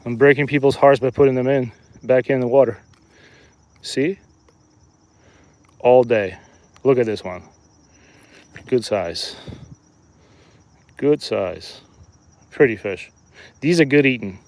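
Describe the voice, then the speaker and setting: A man's voice: medium pitch, a little slow, pauses often, a little mellow. A man in his thirties chatting and joking casually to viewers while he live-streams a fishing trip outdoors. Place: outdoors by a lake.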